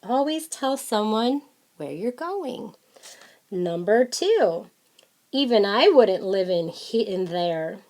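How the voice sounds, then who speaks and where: A woman's voice: mid-range voice, lively intonation, slow pace, a little mellow. A woman reading a children's fishing book aloud, adding chatty, playful comments between the lines of text.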